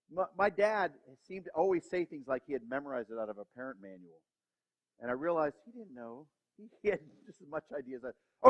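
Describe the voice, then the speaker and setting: A man's voice: fairly high pitch, very animated, fast, a bit bright. Self-deprecating preaching man. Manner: self-deprecating, acts out inner voices. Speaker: pastor. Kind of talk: sermon. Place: church sanctuary. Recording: reverberant hall, dull lo-fi sound.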